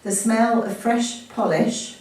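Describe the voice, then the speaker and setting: A woman's voice: on the high side, fairly even intonation, slow, a little mellow. A woman chatting casually and reading a story aloud from a book, laughing and correcting herself as she goes. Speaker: reader sharing a family story. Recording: echoey room from far off, faint ambience.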